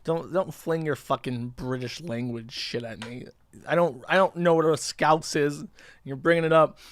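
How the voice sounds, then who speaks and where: A man's voice: on the high side, normal speed. A man hosting a livestream, reading posts aloud in casual commentary with a sarcastic, profane, mocking manner. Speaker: livestream host.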